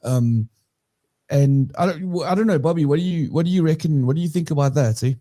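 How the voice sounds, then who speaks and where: Mellow-voiced man, rambling. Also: fairly high pitch, brisk. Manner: rambling, self-correcting, conversational. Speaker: podcast co-host. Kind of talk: casual recovery discussion.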